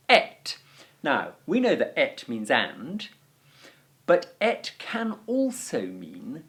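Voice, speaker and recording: Animated man teaching a language lesson. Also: mid-range voice. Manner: animated explaining, chatty fillers. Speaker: Latin teacher. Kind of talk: video lesson.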